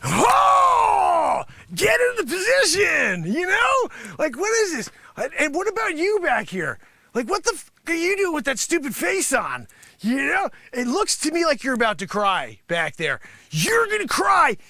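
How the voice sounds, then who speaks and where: A man playing a boastful, money-grubbing karate sensei who scolds his class and breaks into shouts. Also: extremely high pitch, wildly swooping pitch, moderate pace, gravelly, dry recording, full character voice. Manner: bragging, scolding, swings into shouts. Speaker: livestream host. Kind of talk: improvised comedy character bit.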